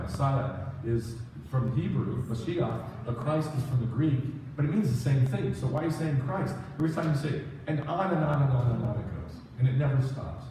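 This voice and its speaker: A man giving a conversational sermon as a rabbi, self-deprecating and animated, telling stories with quoted asides. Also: mid-range voice, noisy background. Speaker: rabbi teaching a congregation. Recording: echoey hall from far off.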